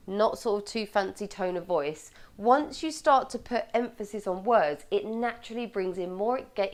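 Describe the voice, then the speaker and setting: An upbeat woman coaching viewers on how they speak, with a lively delivery. She leans hard on the key words and keeps a steady, mid-range voice. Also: mid-range voice. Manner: lively, bright presenting with clear stressed words. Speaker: communication coach. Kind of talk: presenting a video tip.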